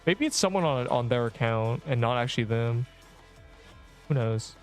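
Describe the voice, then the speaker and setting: A man commentating his gameplay on a livestream, excitable, laughing often and rambling through asides. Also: mid-range voice, normal speed, soft background music.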